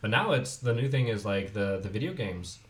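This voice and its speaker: A man co-hosting a casual podcast chat, reacting expressively and quick to laugh. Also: lowish voice, lively intonation, fairly bright tone, roomy sound. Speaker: podcast co-host.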